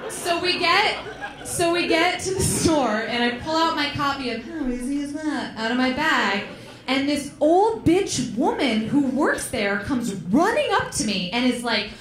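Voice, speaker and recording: Performing chatty stand-up on a club stage, this woman speaks unhurriedly in a high-pitched voice with big swings in pitch, swearing and saying "um" along the way. Her laughing audience can be heard throughout the echoey club recording.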